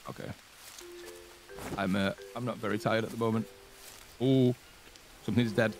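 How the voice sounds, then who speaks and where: A man's voice: lowish voice, fairly even intonation, moderate pace, soft background music. A man playing a co-op game with a friend, jokey and giggly, with big swoops in his talk. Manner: jokey, giggly, wildly swinging delivery. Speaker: co-op gaming partner. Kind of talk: casual co-op gameplay chat.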